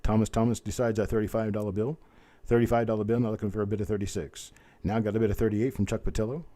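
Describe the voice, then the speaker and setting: A middle-aged man with a drawl, sounding like a seasoned auctioneer, calls a live online coin auction. He chants bids fast, then slows for chatty, folksy asides. His low voice is dark and mellow, with little pitch movement.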